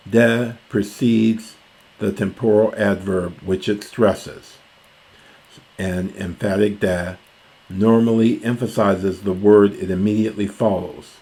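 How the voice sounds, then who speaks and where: A man giving a scholarly lecture on ancient Greek grammar, reading the text slowly and explaining it with pauses and fillers. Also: low voice, a little mellow. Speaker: classics lecturer.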